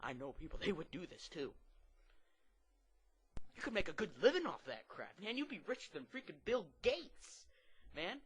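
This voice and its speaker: A man doing a stand-up comedy routine, rambling and excitable, with lots of fillers and restarts. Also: high-pitched, normal speed, pauses often, breathy edge.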